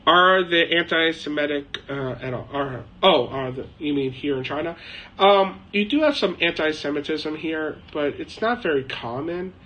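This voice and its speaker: A man's voice: on the high side, expressive, normal speed, sharp tone, low-quality recording. A man hosting a casual live chat from his shed, answering viewer questions in a rambling, chatty way with frequent laughs. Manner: rambling, chatty, laughs often, mimics people.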